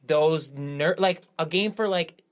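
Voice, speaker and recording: A man's voice: a little high, slow pace, clear, resonant tone. A man on a podcast, rambling casually and filling his talk with "like". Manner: rambling, full of "like", swoopy inflection. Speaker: podcast guest. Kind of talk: casual chat.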